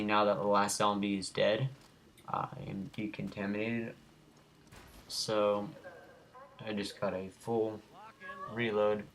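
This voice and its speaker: A young gaming-channel host rambles casually over his gameplay footage, goofy and easily sidetracked. His voice is on the low side and a bit bright, captured in a home recording with faint background noise.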